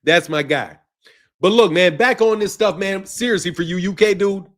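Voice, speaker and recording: A man hosting a commentary channel, ranting loudly and profanely and laughing often between lines. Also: sits high, moderate pace. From United States. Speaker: boxing commentary channel host.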